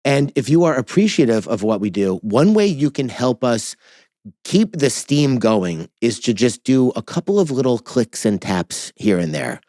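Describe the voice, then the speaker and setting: Male podcast co-host, teasing and rambling, medium pitch, dry close sound. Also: very animated, normal speed, mellow, dry recording. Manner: teasing, rambling, self-interrupting. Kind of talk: casual podcast banter.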